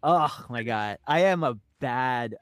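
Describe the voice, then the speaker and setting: A man's voice: mid-range voice, lively intonation, takes it slowly, clear, resonant tone, no room sound, clean studio sound. Upbeat chatty man on a podcast. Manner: upbeat and chatty, often repeats words and laughs. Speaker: podcast co-host. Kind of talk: casual chat recapping a reality show.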